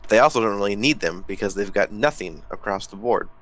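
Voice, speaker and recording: A man's voice: lowish voice, lively intonation, fairly quick, fairly bright tone, low-quality recording. A man giving casual, profane commentary while playing a strategy game with a friend. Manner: loose, profane, easily laughing. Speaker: let's play co-host.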